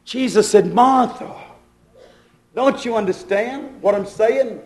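A man with a high voice delivers a sermon, rising into fervent pleas and circling back to the same questions again and again. The sound rings with the echo of a big room. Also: animated, a little slow. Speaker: preacher.

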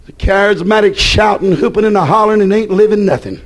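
A man preaching a fiery evening church sermon in a chanted, repetitive way with sudden shouted peaks. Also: sits high, fast.

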